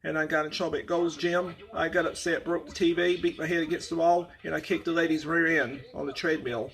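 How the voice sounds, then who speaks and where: A man's voice: fairly high pitch, steady tone, a little fast, vocal fry, a bit bright. A man telling a long story in a rambling spoken monologue, circling back and repeating the same points. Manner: repetitive, circling retelling.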